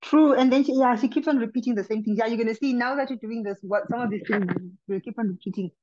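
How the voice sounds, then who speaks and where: Woman, student, eager, thinks aloud, fairly high voice, muffled lo-fi video call. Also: quick pace, background noise. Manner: eager, thinks aloud, repeats new words. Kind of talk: casual online language lesson.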